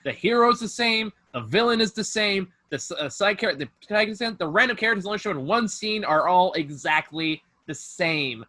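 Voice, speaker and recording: A man's voice: sits high, normal speed, few pauses. Profane, mocking man on a video call. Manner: profane, animated, filler-heavy, mocking. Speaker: host. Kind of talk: casual film review chat.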